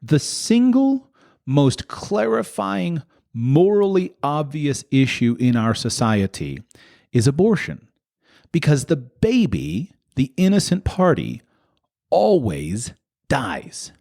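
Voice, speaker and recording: Podcast host guy, fired up, pitch leaping all over, keeps asking how do i. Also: very animated, takes it slowly, vocal fry. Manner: rhetorical, repeated questions with sharp pitch jumps. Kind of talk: impassioned monologue.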